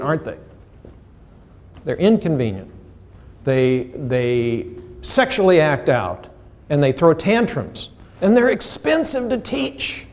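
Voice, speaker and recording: A man giving a live seminar lecture to a room of workers, animated and direct, teasing and quizzing the audience as he goes. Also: fairly high pitch. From United States. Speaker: trainer presenting a seminar.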